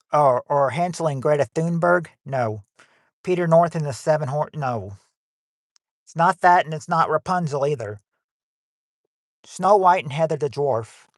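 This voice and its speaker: A man's voice: on the high side, dry recording, studio quality. A man hosting a family game night livestream, reading out survey answers with rambling jokes and crude wisecracks. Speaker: game show host.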